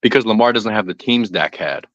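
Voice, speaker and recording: A man's voice: on the low side, brisk, lo-fi sound, crowd noise. A man arguing sports on a podcast, pushy and rattling off lists of players. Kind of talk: casual sports debate.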